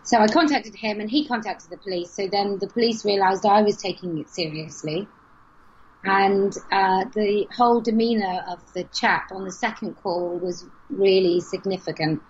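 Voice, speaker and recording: A woman's voice: mid-range voice, moderate pace, a little hiss or hum. A woman, speaking frankly and telling a story as an interview guest. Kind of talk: casual conversation. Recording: dull lo-fi podcast audio.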